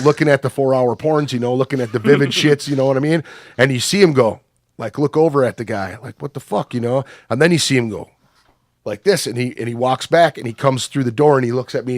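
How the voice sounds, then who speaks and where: A man with an Upper Midwest American accent tells crude anecdotes in a loose, rambling way, swearing freely and piling on fillers. His pitch sits mid-range and the sound is dry and close, with no room around it. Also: no room sound. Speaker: podcast guest. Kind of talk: casual storytelling.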